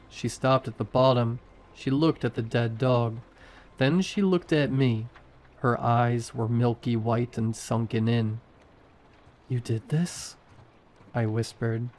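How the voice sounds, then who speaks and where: A man's voice: mid-range voice, a little mellow. A man narrating a first-person horror story in short, tense sentences.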